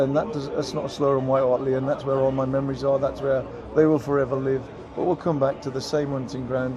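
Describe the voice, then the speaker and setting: Recorded with muffled sound, an older former footballer speaks in a mid-range voice during an emotional, heartfelt interview outside at a stadium. He strings phrases together, filling them with lots of ums.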